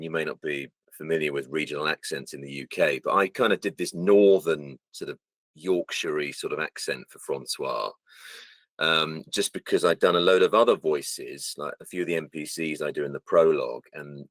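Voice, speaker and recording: A man's voice: rumbling low, fairly quick, dry recording. A man and voice actor, chatting about his work and acting out lines as he talks, recorded close and dry. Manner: animated storyteller, acts out lines. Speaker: voice actor guest. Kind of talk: casual interview chat.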